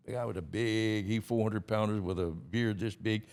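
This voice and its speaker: A man's voice: on the low side, normal speed, few pauses, a little mellow, clean tone. A man, telling a story as a podcast guest in a folksy, laughing way. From Georgia, USA. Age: 80s. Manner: folksy, laughing often, plain rural grammar. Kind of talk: storytelling in a casual interview.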